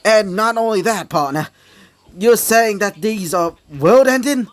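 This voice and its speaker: A man's voice: high voice, unhurried, no echo, pitched above the performer's own voice. A man voicing a folksy, cowboy-like young man who calls people partner. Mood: startled. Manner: drawling, says partner.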